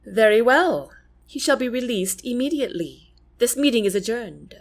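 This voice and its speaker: A woman's voice: a little high, lively intonation, moderate pace. A woman voicing a commanding young queen who speaks in formal, regal phrases.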